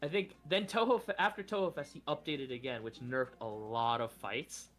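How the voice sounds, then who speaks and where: A man's voice: medium pitch, moderate pace, a bit bright. A man chatting casually as a streamer, rambling and correcting himself, with frequent laughs. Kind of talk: casual chat.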